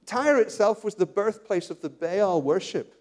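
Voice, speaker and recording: High-voiced preacher, emphatic. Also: male voice, normal speed. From England. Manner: animated, repeats words, emphatic lists. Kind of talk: sermon.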